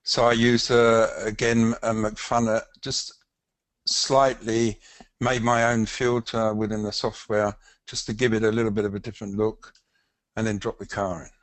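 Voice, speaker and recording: Older man, London accent, lowish voice, webinar demonstration, dry close sound. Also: little pitch movement, dry recording. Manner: casual, halting, with frequent fillers. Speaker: professional photographer.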